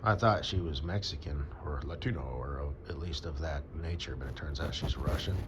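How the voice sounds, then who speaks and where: A man's voice: rumbling low, moderate pace, background noise. An American man rambling crudely to his audience in a monologue, full of fillers and asides. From United States. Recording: dull lo-fi sound with faint background ambience.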